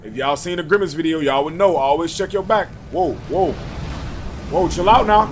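High-pitched man, hoarse voice, jumpy horror gameplay commentary, yelling and cursing. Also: moderate pace, a little hiss or hum. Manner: jumpy, loud, yelling and swearing at scares. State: hoarse from screaming. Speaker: gaming channel host.

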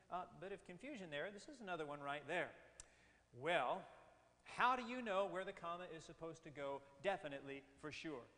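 A man's voice: a little high, a bit bright. A man preaching an emphatic seminar sermon, often putting questions to his audience. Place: hall with audience. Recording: long hall reverb.

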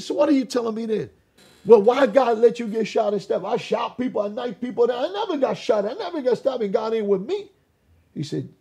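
An older man with a very raspy voice, giving an animated personal testimony as an interview guest, acting out dialogue and restarting his sentences often. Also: a little high. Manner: re-enacts dialogue, repeats words and restarts often. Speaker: interview guest, former gang leader.

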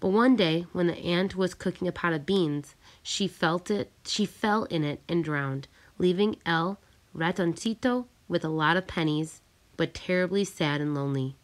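A tender mother soothes her upset child in a gentle, patient voice, the kind a storybook reading brings to life. Her tone sits a little low but warms as she consoles. A woman reads her lines aloud. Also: normal speed, close to an everyday voice.

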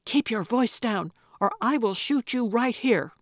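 A woman's voice: medium pitch, expressive, measured pace, dry recording, clean studio sound, voice pushed up, lightly acted. A woman voicing a cold, contemptuous female criminal who speaks in a hissing, threatening way. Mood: menacing.

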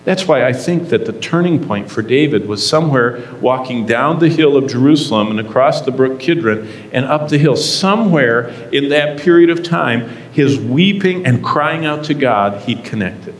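A man teaching a Bible lesson in sermon style, earnest and emphatic, with dramatic pauses. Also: medium pitch, animated, slight background noise. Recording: echoey room with long reverb.

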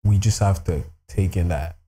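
A man's voice: deep voice, normal speed, warm tone, breathy edge. A man hosting a music reaction video in casual, slangy talk, full of fillers. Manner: loose slangy talk, constant "you know what I'm saying" fillers. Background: hip hop music.

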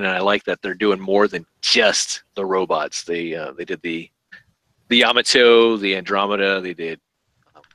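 A man's voice: sits low, bright, forceful tone, no echo, poor audio. A man hosting a podcast, chatting casually and thinking aloud with fillers about collectible toys. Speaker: podcast host.

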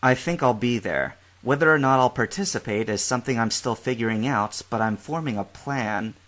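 A composed teenage boy with a dry, deadpan wit, speaking quietly in the reader's own mid-pitched voice, as a man plays him. He lays out his plans evenly in this audiobook. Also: moderate pace, natural voice. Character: calm, dry-witted teenage boy trainer.

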